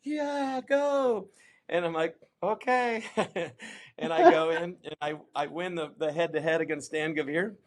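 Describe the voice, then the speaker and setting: A middle-aged man from the United States spins a story in a relaxed interview, his voice sitting a little high for a man. He drops into quick mimicry of the people he quotes and keeps the tale rolling with casual fillers. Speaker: interview guest, champion kayaker.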